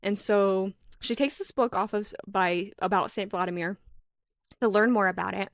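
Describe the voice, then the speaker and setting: A woman's voice: medium pitch, no room sound. Woman podcaster gabbing through a book recap, lots of likes, dry close sound. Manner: retells scenes with quick quoted voices, many "like" fillers. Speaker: podcast co-host. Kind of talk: casual book recap chat.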